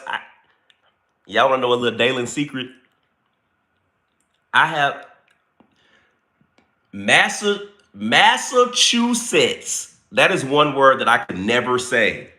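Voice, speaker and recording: A man hosting a casual livestream, chatting playfully and greeting viewers by name in relaxed, informal speech. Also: medium pitch, normal speed, pauses often. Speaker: livestream host greeting chat.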